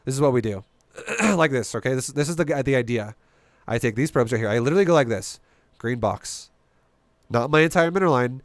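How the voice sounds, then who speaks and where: A man's voice: mid-range voice, expressive, brisk, no echo. A man streaming and coaching a strategy game, talking bluntly and emphatically, swearing freely and firing off rhetorical questions.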